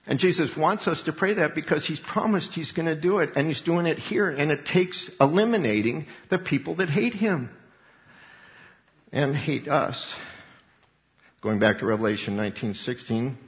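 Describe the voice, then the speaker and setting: A man preaching a sermon, animated, acting out voices as he reads and explains scripture. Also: mid-range voice, moderate pace. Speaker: pastor. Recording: long hall reverb, dull lo-fi sound.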